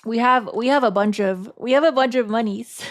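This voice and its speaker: A fairly high-pitched woman streamer talks to her chat in a relaxed live-stream session, piecing her thoughts together out loud with hesitations and repeated words.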